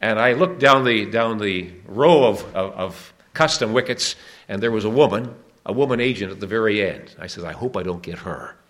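A man's voice: fairly low pitch, moderate pace, a bit bright. A man preaching an evangelistic sermon at a church meeting, earnest and urging, with emphatic questions to the listeners.

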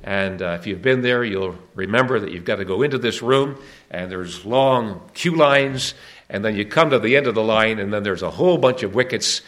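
A man's voice: fairly low pitch, normal speed, fairly bright tone. A man preaching an evangelistic sermon at a church meeting, earnest and urging, with emphatic questions to the listeners.

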